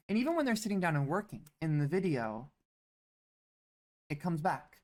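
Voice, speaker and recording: A woman's voice: deep voice, very animated, normal speed, pauses often, darkish tone. A woman instructor lecturing on psychology, explaining points plainly with some fillers and restarts. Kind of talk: recorded lecture.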